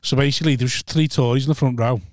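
A man's voice: mid-range voice, steady tone, very fast, no room sound, clean studio sound. A man, a stand-up comedian, teasing his co-host and telling rambling anecdotes in casual podcast chat.

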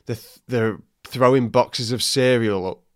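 A man's voice: mid-range voice, slow pace, no echo, studio quality. A man co-hosting a podcast, teasing and bantering in casual chat. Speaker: podcast co-host.

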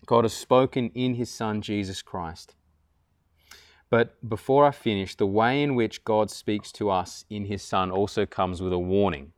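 A man preaching a sermon in an earnest way, rising to loud, emphatic peaks. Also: fairly low pitch, unhurried, no echo, studio quality.

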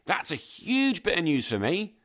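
Swearing, ranting British podcast host. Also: male voice, on the high side, moderate pace. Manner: ranting, swears freely, animated. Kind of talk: casual podcast chat. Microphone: podcast microphone.

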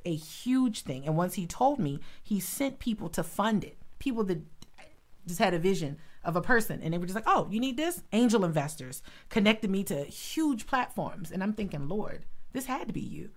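A woman co-hosting a casual faith talk, talking excitedly and breaking into preaching bursts and laughter. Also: medium pitch, normal speed. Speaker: podcast co-host, author and coach.

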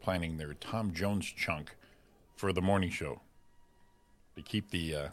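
Deep-voiced wisecracking male co-host. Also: a little slow. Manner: wisecracking, drops into impressions. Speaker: morning show co-host. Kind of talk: casual joking banter. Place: studio, on video.

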